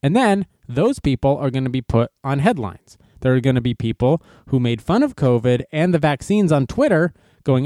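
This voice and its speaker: Male host for casual news commentary, sarcastic and mocking, animated delivery, dry recording. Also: fairly high pitch, normal speed, no echo.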